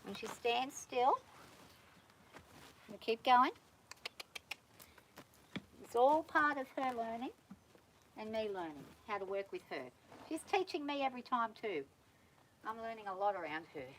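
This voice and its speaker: A woman with a high voice talks through a horse training session on a farm. She coaxes the animal softly and explains each step plainly and patiently. Faint outdoor sounds and animal noises sit behind her. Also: unhurried, pauses often, a little hiss or hum. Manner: calm and patient, coaxing the horse in a soft praising voice; explains steps plainly to viewers while working. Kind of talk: hands-on training commentary.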